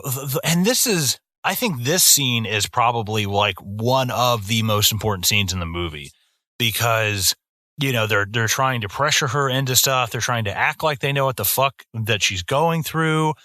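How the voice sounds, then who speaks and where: A young man co-hosting a podcast, chatting casually about a film, profane and animated. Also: mid-range voice, normal speed, dry recording, studio quality. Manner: profane, animated storytelling with put-on voices. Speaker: podcast co-host.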